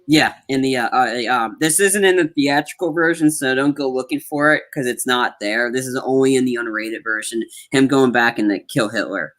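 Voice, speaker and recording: A man's voice: medium pitch, normal speed, hardly any pauses, fairly bright tone. Male podcast co-host, mid-range voice, chatty movie recaps, loves acting out lines. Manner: retells scenes at length, acting out quoted lines. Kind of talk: casual movie review chat.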